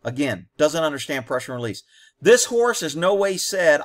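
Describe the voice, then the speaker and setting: A man's voice: on the high side, animated, fairly quick, fairly bright tone. A man hosting a commentary on a training video, talking bluntly and combatively in short, punchy explanations.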